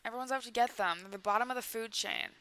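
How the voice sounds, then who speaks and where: A young woman riffing on a bad movie with a sarcastic, playful delivery. Her voice is bright and clean, and the recording sounds dry and close. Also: a little high, fast, no echo. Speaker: YouTube commentary host. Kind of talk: casual comedic movie commentary.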